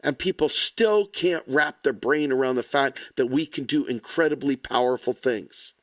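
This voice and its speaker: A man's voice: medium pitch, normal speed, no echo. A man delivering an impassioned, angry, blunt political rant to the camera, swearing freely. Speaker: political commentator.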